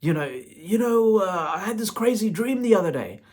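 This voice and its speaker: Laid-back brother, voiced by a man: higher pitch, slow amused drawl. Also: sing-song, a little mellow.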